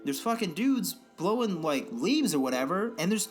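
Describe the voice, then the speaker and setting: A young man chats on a home podcast in a fairly high voice, rambling and swearing freely as he rants. Faint music plays underneath. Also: big pitch swings, normal speed. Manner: rambling, profane, exasperated ranting. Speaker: podcast co-host. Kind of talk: casual podcast chat.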